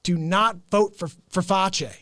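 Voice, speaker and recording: Dude ranting for laughs, high lively voice, dry close sound. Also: male voice, unhurried, no room sound. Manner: rambling, animated, mock-indignant. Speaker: host. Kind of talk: improvised comic rant.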